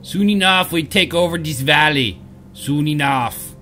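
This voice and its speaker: A man voicing a solemn male troll soothsayer in a put-on Jamaican-style accent, slow and booming. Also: bright, forceful tone, soft background music. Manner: slow, booming, hammy delivery.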